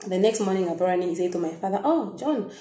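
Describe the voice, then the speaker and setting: A young woman with a Namibian accent talks straight to her viewers, stopping and restarting as emotion catches her. Her tone is mellow and warm rather than bright. The room around her rings with noticeable echo. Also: on the low side, flat delivery, slight background noise. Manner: emotional, halting, many restarts and fillers. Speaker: vlogger. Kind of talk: personal storytelling to viewers. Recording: echoey room.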